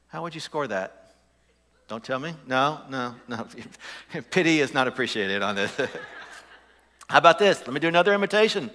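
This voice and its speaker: A man's voice: mid-range voice, expressive, moderate pace, long pauses, sharp tone, in a large hall. A man preaching a sermon as pastor, conversational and putting questions to the congregation. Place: church sanctuary.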